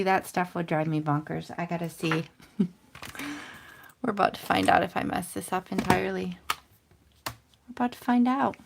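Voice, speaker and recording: A woman in her thirties runs a casual crafting livestream, stamping and coloring while chatting to viewers in a rambling, self-deprecating way. Her voice is lowish and creaky, with a little hiss or hum in the audio.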